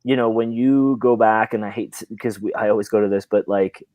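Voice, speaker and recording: A low-voiced man talking football on a podcast, animated and eager, often restarting his sentences. The sound is close and dry, with no room around it. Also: a little fast, no room sound. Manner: animated, pitch jumps up on emphasis, repeats words while thinking. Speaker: podcast host. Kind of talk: casual chat.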